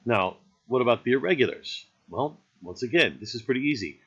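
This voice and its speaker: A man's voice: medium pitch, lively intonation, fairly quick, a bit bright, breathy edge, lo-fi sound. A man teaching a recorded grammar lesson in an easygoing, explanatory way, often checking in with "right?".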